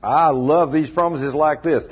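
A husky-voiced man preaches in a folksy, chuckling way, pitched a little high for a man. He calls out to members of his congregation by name as he talks. The recording is dull and lo-fi, like an old church tape. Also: steady tone, measured pace. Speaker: pastor. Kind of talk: folksy sermon.

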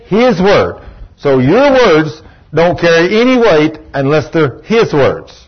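A man preaches a sermon in a church, his voice pitched a little high. He talks emphatically and repeats himself, slipping into folksy stories. The recording sounds dull and lo-fi. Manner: emphatic, repetitive, folksy storytelling.

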